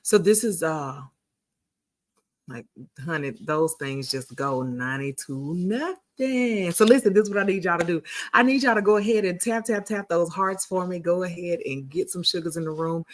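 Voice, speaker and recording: Hosting a relaxed livestream, a woman in her 40s talks with her viewers in a chatty, folksy way, calling them sugars and honey. She has a lowish voice and speaks at normal speed.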